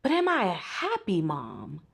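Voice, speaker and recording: A woman's voice: fairly low pitch, huge pitch swings, measured pace, vocal fry, a bit bright. Candid woman vlogging from a hotel bed. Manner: candid, heartfelt, many "like" fillers. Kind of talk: casual reflective vlog talk. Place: hotel room, sitting in bed. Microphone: compact vlog camera.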